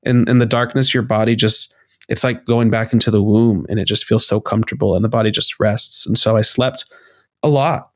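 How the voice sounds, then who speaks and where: A man as a podcast guest, talking candidly and reflectively in a casual interview, now and then acting out his inner voices in a higher, sharper tone. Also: steady tone, brisk, no echo, studio quality.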